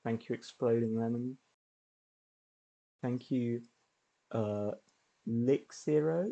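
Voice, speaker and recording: Laid-back male streamer, unhurried delivery, chatty, quick to laugh. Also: medium pitch, creaky, lo-fi sound. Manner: relaxed, chatty, laughs often. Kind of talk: casual gameplay commentary.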